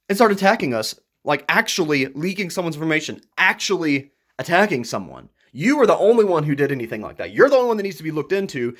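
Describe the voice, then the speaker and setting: A man talking to camera in a frustrated, agitated rant, breaking into nervous laughs, his voice jumping higher when worked up. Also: fairly bright tone. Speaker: YouTuber.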